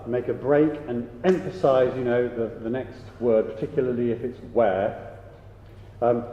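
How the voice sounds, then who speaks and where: A man's voice: medium pitch, mellow, a little hiss or hum. Man directing a choir in an echoey hall. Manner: brisk, counts in and sings example phrases. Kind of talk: choir rehearsal instruction. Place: large rehearsal hall. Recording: echoey hall, dull lo-fi sound.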